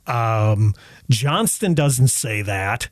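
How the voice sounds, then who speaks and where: A man's voice: mid-range voice, expressive, drawn-out words, no echo, clean studio sound. A man speaking as a guest historian in a casual podcast discussion, thoughtful and hedging, with many "you know" fillers. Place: indoor room with others present.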